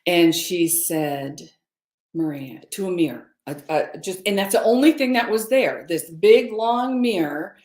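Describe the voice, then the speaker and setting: A woman's voice: on the low side, animated, a little slow, few pauses, a little mellow, reverberant. A middle-aged woman candidly telling a personal story as a webinar guest, with hesitant fillers. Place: room, recorded for a webinar.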